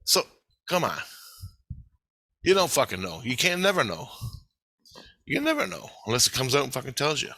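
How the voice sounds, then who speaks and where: A man with a bright, forceful voice, talking straight to camera. He rambles and swears freely, and he is excitable. He laughs easily as he goes. The sound is dry, with no room echo. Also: medium pitch, normal speed, gravelly, pauses often. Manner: laughs often while talking.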